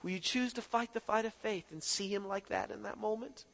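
Male preacher, high bright voice, hushed prayer into fervent altar-call preaching. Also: steady tone, a little fast, vocal fry. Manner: soft hushed praying, then rising impassioned preaching.

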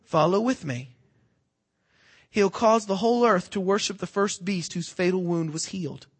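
Guy preaching a sermon, fairly high voice, keeps asking the crowd to finish his sentences, goes quiet then loud. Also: moderate pace, husky. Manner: asks the congregation fill-in-the-blank questions; swings between hushed and loud emphatic preaching.

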